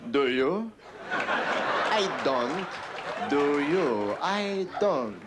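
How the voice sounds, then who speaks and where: A man's voice: on the high side, sing-song, very slow, loud music behind the voice. A man from Philadelphia doing a stand-up routine in a mock-earnest, exaggerated manner. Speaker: stand-up comedian. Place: comedy club stage. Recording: live comedy club with crowd laughter.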